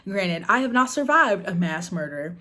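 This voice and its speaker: A woman's voice: medium pitch, big pitch swings, moderate pace, bright, forceful tone. A young adult woman vlogging casually about books, blunt and exasperated, swearing freely. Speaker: booktube vlogger. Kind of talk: casual reading vlog and review.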